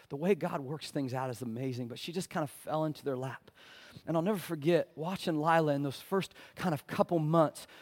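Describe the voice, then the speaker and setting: High-voiced preaching man, loud and hushed by turns. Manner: preaching with big swings from loud pleading to hushed; calls for "amen" from the congregation. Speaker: pastor. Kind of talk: sermon.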